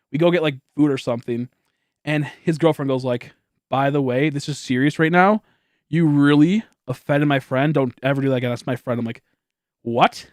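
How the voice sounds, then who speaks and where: A man's voice: fairly high pitch, no room sound, studio quality. A young man streaming, telling a story in a rambling, casual way with lots of swearing and laughter. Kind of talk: casual livestream chat.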